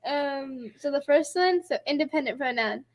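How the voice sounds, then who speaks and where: A woman's voice: sits high, normal speed. A young woman answering as a student in an Arabic class, hesitant and flustered, often giggling.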